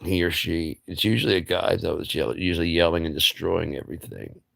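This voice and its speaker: A man's voice: sits low, steady tone, fairly quick, gravelly, a bit bright, no echo, clean studio sound. A man hosting a livestream, rambling through a blunt, profane philosophical monologue full of rhetorical questions and mocking asides. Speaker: livestream host.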